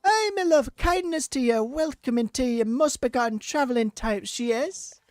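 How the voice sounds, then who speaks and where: A streamer voicing a whimsical traveling magical girl with a put-on Irish-Scottish lilt, speaking slowly and floridly. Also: high-pitched, lively intonation, darkish tone, dry recording, soft background music, pitched above the performer's own voice. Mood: gushing. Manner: slow, flowery, sing-song.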